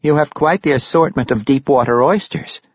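A man's voice: a little high, normal speed, no echo, muffled recording, pitched above the performer's own voice, close to an everyday voice. A man voicing a cultured old male halfling boss who questions a shopkeeper politely in an audiobook. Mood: gracious. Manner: gracious, polite, probing.

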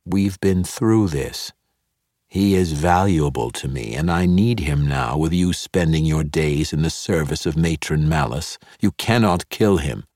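Man doing dark elf mercenary leader, sly, teasing, smooth talker, very deep, slow. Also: no echo, clean studio sound. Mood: persuasive.

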